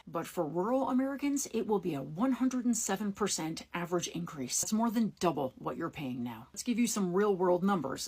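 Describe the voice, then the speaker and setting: A woman's voice: mid-range voice, a little mellow, husky. Urgent woman addressing viewers. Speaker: political commentator. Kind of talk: direct-address explainer.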